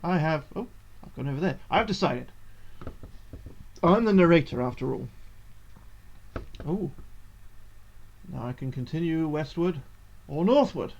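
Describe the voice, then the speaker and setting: A man's voice: fairly high pitch, expressive, a little slow, gravelly, pauses often, a little mellow, highs cut off. Chatty man reading game text. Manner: chatty, thinks aloud, reads game text in a narrator's tone. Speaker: gaming streamer.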